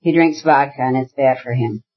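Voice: medium pitch, normal speed, lo-fi sound, close to an everyday voice. A reader voicing a timid, worried woman. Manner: timid, quiet.

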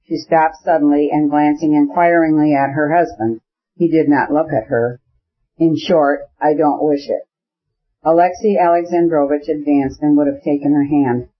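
A man narrating a classic novel in an audiobook, with a measured, even reading. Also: fairly high pitch. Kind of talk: scripted narration. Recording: dull lo-fi audiobook recording.

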